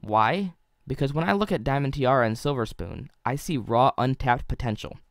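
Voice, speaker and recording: A man's voice: medium pitch, animated, normal speed, gravelly, dry recording. A young man reads a scripted video review in a middle-range voice, analytical and dotted with wry asides. The recording is dry and close, with no room sound.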